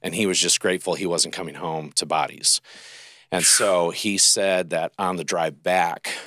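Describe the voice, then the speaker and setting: Man, 50s, singer guest, very low voice, dry close sound, earnest storyteller. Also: fairly even intonation, fairly bright tone, dry recording. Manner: earnest, unhurried, with many fillers. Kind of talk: interview storytelling.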